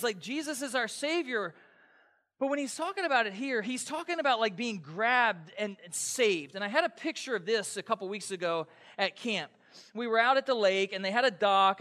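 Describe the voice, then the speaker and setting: A middle-aged man pastor preaching a sermon, telling stories with energy and acting out shouts. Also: extremely high pitch. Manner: animated storytelling with acted-out shouts. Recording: hall reverb.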